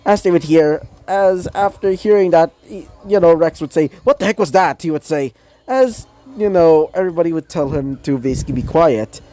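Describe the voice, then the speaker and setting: A man's voice: on the high side, normal speed, dark tone. A young man casually reading his own fan story aloud, rambling and correcting himself with many fillers. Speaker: fan fiction narrator.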